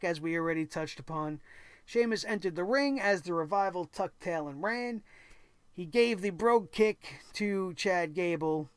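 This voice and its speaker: A man's voice: high voice, smooth, no room sound. A man hosting a wrestling show, recapping the episode in a sarcastic, exasperated rant and mocking the wrestlers now and then. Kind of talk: opinionated recap commentary.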